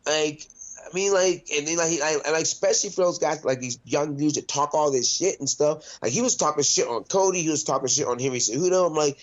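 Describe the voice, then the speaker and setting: A man's voice: fairly high pitch, brisk. A young man, a fighter, talking in a casual interview. He is blunt and profane, fills his speech with "like", and often restarts his sentences. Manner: blunt and profane, heavy use of "like", frequent restarts. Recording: dull, lo-fi sound.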